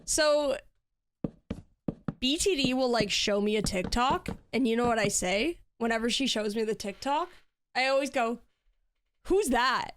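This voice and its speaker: A woman's voice: on the high side, moderate pace, a little hiss or hum. A woman streaming and chatting casually while she builds in a game, laughing often.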